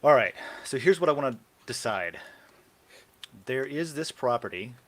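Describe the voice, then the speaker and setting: A man's voice: mid-range voice, animated, normal speed, a bit bright. A man hosting a casual live show, rambling and brainstorming ideas aloud with plenty of fillers. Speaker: podcast host. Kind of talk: casual live-stream chat.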